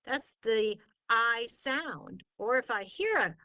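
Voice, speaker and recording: A woman's voice: on the high side, animated, takes it slowly, pushed and bright, no echo, highs cut off. A woman tutoring a student in spelling, patiently sounding out words syllable by syllable and praising answers. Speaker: spelling teacher. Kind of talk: slow, patient tutoring lesson.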